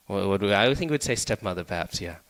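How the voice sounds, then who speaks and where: In a temple hall with a long reverb, a man teaches a scripture class conversationally, often checking in with his listeners. His voice is fairly low and a bit bright, and he speaks fast and animatedly.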